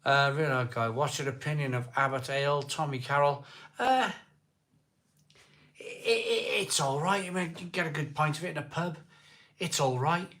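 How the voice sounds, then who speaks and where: A man's voice: a little high, normal speed, pushed and bright. A middle-aged man from South Wales with a Welsh accent, casually chatting on a live beer-drinking stream and answering viewers' comments in a jokey way.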